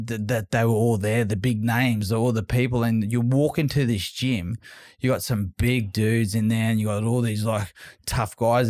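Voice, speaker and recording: A man's voice: medium pitch, dry recording, clean studio sound. A man from Australia, a former boxer, telling stories in a casual interview, repeating words and restarting often. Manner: rambling, repeats words and restarts, animated retelling. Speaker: guest, former boxing world champion.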